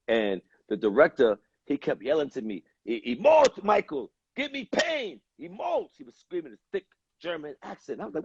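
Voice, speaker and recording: A male actor as guest on a talk show, telling stories slowly and reflectively, acting out quoted voices and swearing now and then. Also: medium pitch, creaky, darkish tone, slightly rough, no echo, muffled recording. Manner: slow, reflective storyteller who acts out quoted voices and swears. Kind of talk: casual chat.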